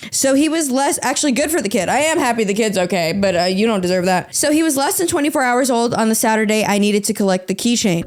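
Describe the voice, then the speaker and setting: An animated woman with a fairly high voice, hosting a comedic podcast. She reads stories aloud and breaks off into sarcastic asides, swearing casually and putting on mock voices. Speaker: podcast host reading online stories.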